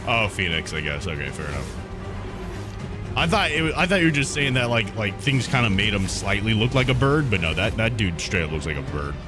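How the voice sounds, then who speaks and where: A man's voice: fairly low pitch, big pitch swings, a little fast. A man streaming casual reactions to game trailers, swearing often and exclaiming in surprise. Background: game trailer audio and music.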